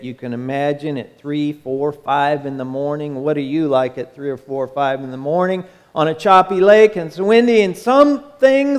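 A pastor preaching in a church, his voice sitting high for a man and ringing out with a long reverb around the hall. He tells the story in an animated way, stepping into the voices of the people in it as he goes. The room's echo trails after each phrase. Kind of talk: sermon.

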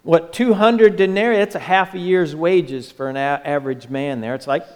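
Animated high-voiced man preaching in a reverberant hall. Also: moderate pace, hardly any pauses. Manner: animated storytelling, acting out quoted voices. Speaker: pastor. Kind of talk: sermon.

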